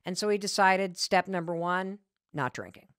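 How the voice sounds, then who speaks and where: A woman's voice: on the low side, normal speed, a bit bright, clean tone, dry recording, studio quality. A woman hosting a podcast, giving a motivational talk and telling her own stories with emphatic, self-mocking candor, repeating her key points. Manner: candid with mild profanity. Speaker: podcast host.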